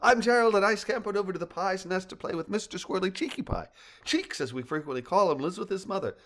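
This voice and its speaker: A man's voice: high-pitched, lively intonation, quick pace, fairly bright tone, pitched above the performer's own voice. A man voicing a chirpy, eager male kitty-dog in a storybook reading.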